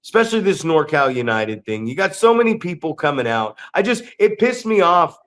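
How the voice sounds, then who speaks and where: His fairly high, bright voice has a sing-song lilt and moves a little quickly. He's a middle-aged pro wrestler co-hosting a wrestling podcast, swearing heavily through blunt, casual rants.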